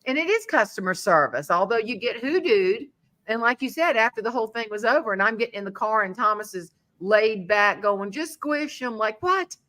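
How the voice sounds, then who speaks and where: A middle-aged woman from the American South with a Southern accent. Her voice is bright and ringing, sitting at a medium pitch. She tells a funny story in lively fashion and acts out the voices of the people in it. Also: a little fast. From Southern United States. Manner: animated, acts out quoted voices. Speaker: humorist guest. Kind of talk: storytelling in casual chat.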